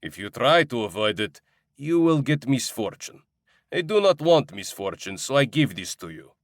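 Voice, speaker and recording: A man's voice: medium pitch, sing-song, normal speed, dry recording, clean studio sound, natural voice. A man voicing a burly, superstitious male ice cream vendor in his forties with a Russian accent and broken English, in an audiobook. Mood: earnest. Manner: broken English, earnest, fatalistic. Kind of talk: audiobook character voice.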